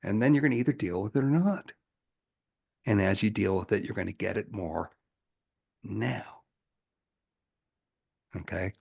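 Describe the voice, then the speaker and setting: A man who is a spiritual coach answering viewer questions, telling stories in an animated way and laughing often. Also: lowish voice, measured pace, creaky, pauses often, husky. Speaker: ascension coach. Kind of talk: spiritual teaching Q&A.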